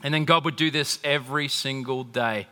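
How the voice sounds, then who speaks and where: Bright-voiced pastor preaching in a hall. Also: male voice, medium pitch, normal speed. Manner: animated preaching, swinging from loud emphasis to hushed intimacy. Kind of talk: sermon. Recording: long hall reverb.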